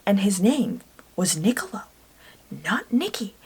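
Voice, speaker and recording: A woman's voice: mid-range voice, sing-song, measured pace, a little mellow, husky. A woman from Ireland giving a casual, rambling review monologue, talking herself into a heated rant at times. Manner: chatty, rambling, gets worked up and rants. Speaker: book and TV reviewer.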